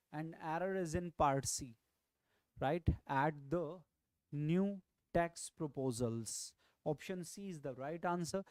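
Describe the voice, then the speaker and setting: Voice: medium pitch, darkish tone, dry recording. A tutor with an Indian English accent teaching a grammar lesson, explaining step by step, repeating key phrases and often checking "right?". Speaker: exam prep tutor.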